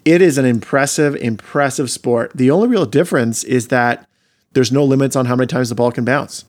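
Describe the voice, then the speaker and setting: A man's voice: medium pitch, fairly quick, a little mellow. A man hosting a casual podcast chat, friendly and easygoing, often restarting his sentences. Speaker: podcast host.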